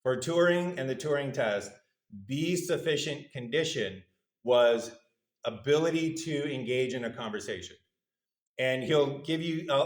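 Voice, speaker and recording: A male university lecturer giving a conversational, good-humored lecture, putting questions to the audience in a lecture hall. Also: a little high.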